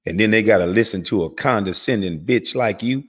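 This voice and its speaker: Hosting his own channel, a man launches into an angry, profane commentary rant, his pitch and volume swinging rapidly. His voice has a breathy edge and trails off into a long reverb tail.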